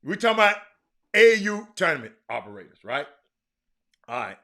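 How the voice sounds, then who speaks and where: A man hosting a casual livestream sports talk show, animated and laughing, often repeating names and restarting his sentences. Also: a little high, normal speed. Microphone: streaming mic.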